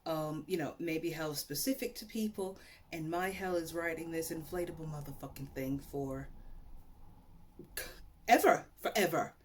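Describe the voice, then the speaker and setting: A woman's voice: low voice, steady tone, moderate pace, darkish tone, slight background noise. A young woman hosting a podcast, telling a story in a rambling, profane and self-mocking way. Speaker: podcast host. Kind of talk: casual storytelling monologue.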